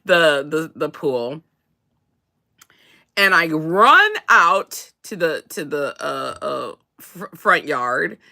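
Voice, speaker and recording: Woman chatting over morning coffee, bright clear tone, lots of restarts and laughing. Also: low-pitched, big pitch swings, extremely slow. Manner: rambling with many restarts and laughs. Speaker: co-host. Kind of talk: casual chat.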